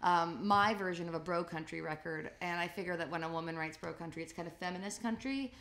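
Relaxed low-voiced female songwriter. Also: quick pace. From New York City. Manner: relaxed and self-deprecating, laughs easily. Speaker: singer-songwriter guest. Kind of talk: casual interview chat. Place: a house in Nashville.

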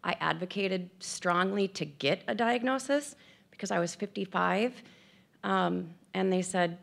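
A woman's voice: fairly low pitch, a little slow, gravelly. A woman in her fifties giving candid, self-deprecating personal remarks at an event, tearful and emotional at times. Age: 50s. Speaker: speaker at an event.

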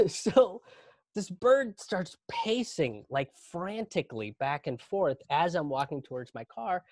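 A young man telling a comic story live over a video stream, animated and profane, working himself up into exaggerated panic. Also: high voice, slow, no room sound. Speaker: comedian and storyteller. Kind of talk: live virtual comedy storytelling.

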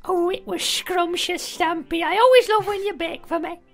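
A chirpy, squeaky-voiced wooden friend, played by a man doing a silly put-on voice, sweet and eager, always pleased to be offered a cookie. The voice sits far above a normal speaking pitch. Faint game music runs behind it. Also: fairly even intonation, moderate pace, creaky, a bit bright, exaggerated voice. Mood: delighted. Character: chirpy high-voiced male wooden friend, cheerful, fond of treats.

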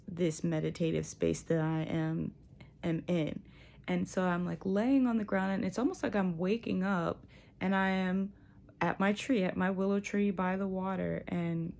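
A woman's voice: lowish voice, gravelly, a little mellow, a little hiss or hum. A young woman telling a personal spiritual story in a casual, reflective way, full of likes and you knows. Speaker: vlogger sharing a spiritual journey.

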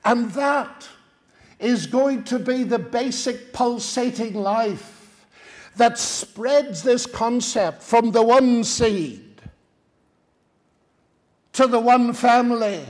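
A man's voice: very high voice, takes it slowly. A man with an Irish accent giving a Bible teaching talk, engaging his listeners with rhetorical tag questions. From Ireland.

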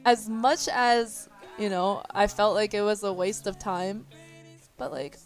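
A woman's voice: mid-range voice, steady tone, measured pace. Young woman streamer, giggly, rambling anecdotes, faint music bed. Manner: laughs often, lots of fillers and restarts. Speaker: livestreamer. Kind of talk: casual chat storytelling.

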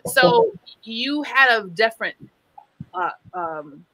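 A woman's voice: fairly high pitch, huge pitch swings, slow, vocal fry, pushed and bright, low-quality recording. A woman moderating a live panel discussion, asking long, winding, multi-part questions and often restarting her sentences.

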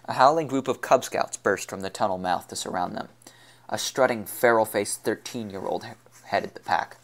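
A man reading a science fiction novel aloud as narrator, in an even, unhurried storytelling manner. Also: on the low side. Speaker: audiobook reader. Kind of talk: scripted narration.

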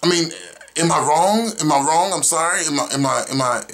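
A man's voice: a little high, fairly quick. A young man from Oklahoma hosting his own vlog, ranting casually with lots of swearing and rambling asides. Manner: profane, animated, rambling. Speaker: vlog host. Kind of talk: casual opinion rant.

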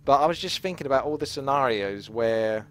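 A man's voice: medium pitch, lively intonation, a little fast, a bit bright, soft background music. A man vlogging about fitness, telling a story in a rambling, candid way and swearing freely. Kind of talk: casual storytelling vlog.

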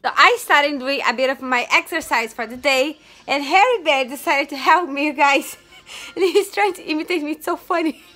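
A young mother talks through her day at home in a high voice, chatty and excitable, often turning to her viewers. Her tone is bright and forward. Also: normal speed, soft background music. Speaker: vlogger, stay-at-home mom. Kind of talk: casual daily vlog chat.

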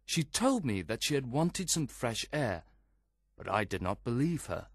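A man reads a first-person story with expressive storytelling. His pitch moves in a lively way through each line. The recording is dry and close. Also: unhurried, breathy edge, dry recording. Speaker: audiobook reader. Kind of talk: scripted first-person narration.

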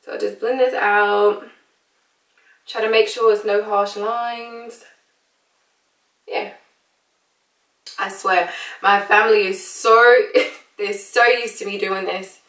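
A woman's voice: medium pitch, flat delivery, slow pace, long pauses, fairly bright tone. An American woman chatting playfully in a put-on British accent through a casual makeup tutorial. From United States. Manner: playful, chatty, laughs often. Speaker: beauty vlogger. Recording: echoey room, distant mic.

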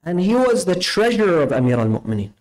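A man's voice: sits high, big pitch swings, fast talker, a little mellow, rough recording. A man preaching a Ramadan night sermon, impassioned and rhetorical, acting out the dialogue in his stories.

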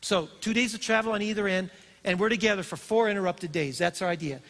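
An older pastor speaks from the stage of a church auditorium, telling stories with animated energy. His voice sits high for a man. It rings out with a long hall reverb. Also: fast talker. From Colorado, USA. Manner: storytelling, animated and warm-hearted. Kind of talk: sermon.

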